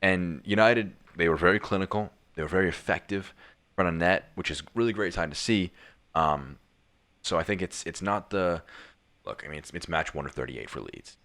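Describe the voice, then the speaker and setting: Young male co-host, very low voice, loose rambling football chat. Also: moderate pace, fairly bright tone. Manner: rambling, many restarts and fillers. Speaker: podcast co-host.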